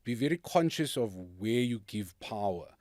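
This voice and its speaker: A man's voice: mid-range voice, lively intonation, moderate pace, darkish tone, no echo, studio quality. A man hosting a podcast, talking earnestly in casual chat, telling stories with restarts. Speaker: podcast host.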